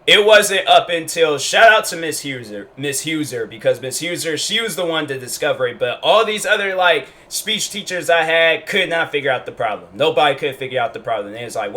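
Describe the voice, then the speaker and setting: Young man, bright tone, casual storytime vlog, rambling delivery. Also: a little high, animated, brisk, hardly any pauses. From Washington State, US. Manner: rambling, lots of fillers and restarts. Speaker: YouTuber.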